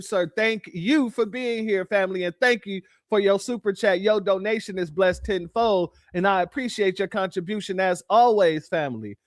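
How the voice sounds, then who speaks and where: A man hosting a reaction commentary show, thanking viewers as family and breaking into preacherly shouting. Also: high-pitched, no echo, studio quality. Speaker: commentary channel host. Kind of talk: reaction commentary on a protest clip.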